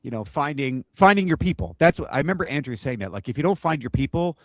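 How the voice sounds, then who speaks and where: A man's voice: fairly high pitch, big pitch swings, fast talker, dry recording. A man co-hosting a casual teacher podcast, chatty and self-deprecating, with lots of fillers.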